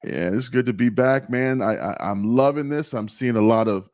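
A hoarse man hosting a podcast in a casual, excited chat, laughing often and repeating his words. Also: mid-range voice, normal speed, no room sound. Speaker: podcast host.

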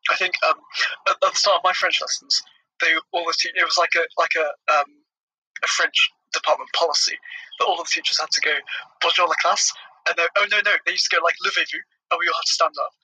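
Bright, husky-voiced man, hesitant. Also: a little high, fairly even intonation, quick pace, low-quality recording. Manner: hesitant, many fillers and restarts. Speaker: podcast co-host. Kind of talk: casual chat.

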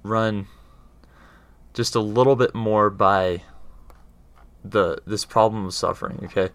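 A man's voice: fairly low pitch, steady tone, a little slow, dry recording. A man in casual explanatory talk, earnest, often checking in with his listener as he explains. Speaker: speaker explaining faith.

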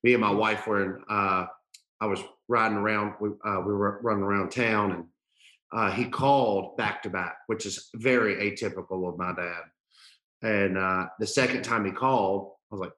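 A man with a fairly low voice tells a personal story in a casual, earnest way, stopping and restarting often. His voice rings in a roomy, echoey space. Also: fairly even intonation, fairly quick, sharp tone. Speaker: podcast host. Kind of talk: casual conversation.

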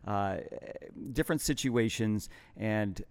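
A man's voice: lowish voice, takes it slowly, a little mellow, clean tone. A man in his fifties interviewing a guest in casual chat, reflective and easily amused.

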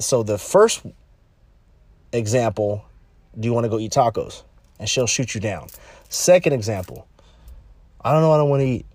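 A man from California gives frank relationship advice in a loose, rambling monologue. His voice sits at an ordinary middle pitch and jumps up high whenever he acts out a quote. The sound is dry and close, with no room around it. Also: no room sound. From California, United States. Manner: animated, repetitive, acts out quotes in higher voice. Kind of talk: casual monologue.

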